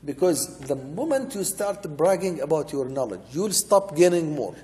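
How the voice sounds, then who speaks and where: Warm-voiced man preaching in a reverberant hall. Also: fairly high pitch, big pitch swings, moderate pace. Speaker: sheikh teaching Quran commentary. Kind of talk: religious lecture explaining verses.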